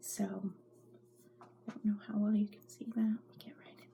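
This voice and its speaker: A woman's voice: mid-range voice, level tone, normal speed, creaky, warm tone, slight background noise. A middle-aged woman hosting a knitting podcast from her home craft room, rambling chattily and often dropping into whispers. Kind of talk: casual show-and-tell chat.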